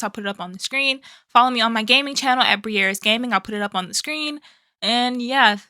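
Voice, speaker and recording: A woman's voice: on the high side, bright, forceful tone, no room sound, clean studio sound. A young woman hosting a movie reaction, emotional and exclaiming, often repeating herself. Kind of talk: casual movie reaction commentary.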